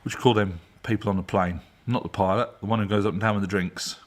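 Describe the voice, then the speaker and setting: A man's voice: fairly low pitch, steady tone, quick pace. A man hosting a casual live stream from his home garage, rambling and laughing as he talks. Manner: rambling, chatty, laughs often. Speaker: garage channel host.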